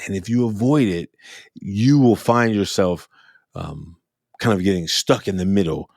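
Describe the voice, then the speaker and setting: A man who runs youth workshops, talking through his experiences in a casual, animated monologue and acting out students' lines as he goes. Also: low-pitched, measured pace, creaky, dry recording, clean studio sound. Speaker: youth speaker and workshop facilitator. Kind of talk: reflective podcast monologue.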